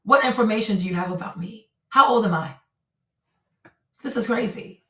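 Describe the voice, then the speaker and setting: Woman streamer, heated live-stream rant, bright voice a little off-mic in an echoey room. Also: on the high side, moderate pace, distant mic. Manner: indignant, repetitive rhetorical questions.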